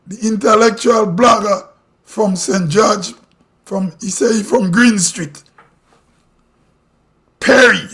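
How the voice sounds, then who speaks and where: A Grenadian man speaks at a strikingly high pitch, ranting to his live-stream audience. He talks bluntly, firing off rhetorical questions and opinions. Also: fairly bright tone. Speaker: livestream host. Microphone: streaming mic.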